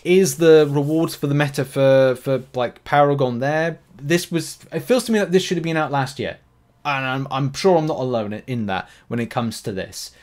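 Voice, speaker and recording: A man's voice: medium pitch, moderate pace, a little mellow. A man giving casual, rambling commentary on a mobile game, full of fillers and restarts. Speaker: gaming YouTuber.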